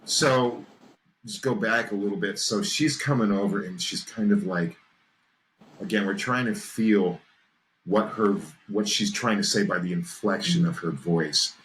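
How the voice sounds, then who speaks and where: A man's voice: fairly low pitch, a little slow, a bit bright, a little hiss or hum, poor audio. A man hosting a podcast, telling a spooky personal story in casual chat, building suspense and checking in with his listener. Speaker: podcast host.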